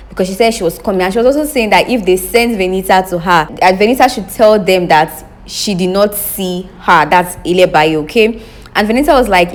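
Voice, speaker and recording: A young woman giving an opinionated recap of a reality show, emphatic and animated, talking straight to her viewers. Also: medium pitch, fairly quick. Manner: animated, emphatic, addresses viewers as guys, repeats questions for effect. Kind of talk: casual opinionated commentary.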